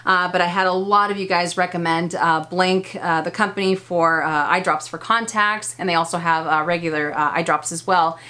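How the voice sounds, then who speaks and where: Woman beauty vlogger, 30s, chatty and upbeat, slightly low pitch. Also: fairly even intonation, normal speed, few pauses, bright, forceful tone. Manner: chatty, enthusiastic, frequent fillers and laughs. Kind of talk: casual product review.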